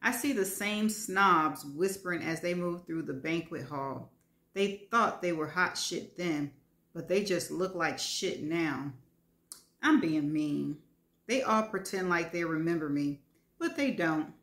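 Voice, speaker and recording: A woman's voice: fairly low pitch, a little slow, a bit bright. A woman reading a first-person story aloud in a frank, wry manner. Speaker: host and reader. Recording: roomy echo.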